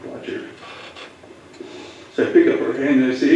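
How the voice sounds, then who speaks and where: A man, a police officer, telling students a personal story in a halting, emotional way. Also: on the high side, warm tone, highs cut off. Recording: echoey room, voice from far off.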